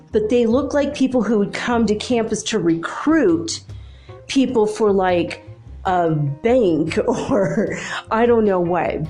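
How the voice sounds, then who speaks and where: A middle-aged woman casually telling a personal story, laughing often and acting out the dialogue. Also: mid-range voice. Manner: animated, laughing, acts out dialogue. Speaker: channel host. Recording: faint music behind.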